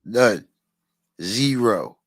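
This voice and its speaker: Slow, lively man laughing through a story. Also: on the low side, no room sound. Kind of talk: casual chat.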